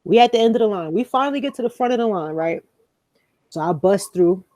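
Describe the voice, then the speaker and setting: A young woman spins a story on a podcast, loose and profane, and she jumps into the voices of the people she quotes. Her tone is mellow and warm, and the recording is close and dry with no room sound. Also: mid-range voice, fast, no room sound. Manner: animated, profane, acts out quoted lines. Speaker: podcast co-host. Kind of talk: casual storytelling chat.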